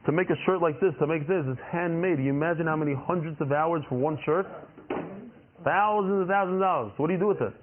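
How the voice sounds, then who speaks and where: A man's voice: a little high, fast, a little hiss or hum. A man giving a Talmud lesson, explaining by asking questions and answering them himself. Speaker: Talmud teacher. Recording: tinny phone-like recording.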